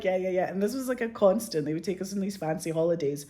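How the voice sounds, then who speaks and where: A woman in her forties talks in an animated, candid way as a filmmaker in a casual interview. Her voice sits a little low. She swears freely, strings thoughts together with "like", and slips into quoted voices as she tells her stories. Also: quick pace. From Scotland. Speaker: filmmaker guest.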